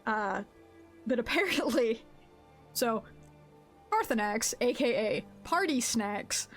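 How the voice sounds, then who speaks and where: A woman live-streaming a game, chatting casually with her viewers in an excitable, laughing way. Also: on the high side, takes it slowly, soft background music. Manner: greets chat viewers mid-game.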